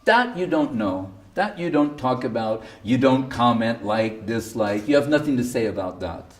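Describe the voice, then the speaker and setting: A male spiritual teacher, seated, giving a devotional sermon with provocative, animated storytelling and frequent laughter. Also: medium pitch, moderate pace, distant mic. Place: indoor temple hall, seated.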